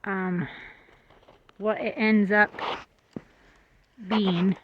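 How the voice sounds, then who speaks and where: A woman talks casually through a tour of her dairy goats outdoors, recorded on a phone. Her voice sits in a middle pitch and the sound is a little dull and lo-fi. Goats are heard around her, and she slips into fond asides to the animals. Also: level tone, extremely slow, noisy background. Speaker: goat breeder. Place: outdoors in a goat pen.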